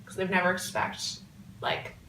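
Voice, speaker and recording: A woman's voice: a little slow, bright, forceful tone. Hesitant young woman recorded from afar. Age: 20s. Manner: hesitant, with many "um"s and "like"s. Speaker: computer science student. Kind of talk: interview answers. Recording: echoey, distant mic with some noise.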